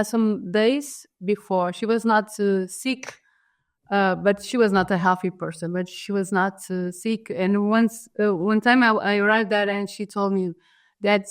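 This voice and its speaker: A woman with a Portuguese accent speaks in a smooth, clear voice. She tells her story thoughtfully and hesitantly, full of fillers and restarts as she searches for words in a second language. Her pitch sits in the middle for a woman. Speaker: guest artist. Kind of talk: reflective storytelling in an interview.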